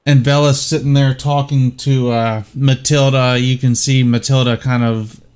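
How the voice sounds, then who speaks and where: A man's voice: medium pitch, level tone, normal speed, a little mellow, clear, resonant tone. Hesitant man narrating as game master. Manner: rambling, hesitant with fillers.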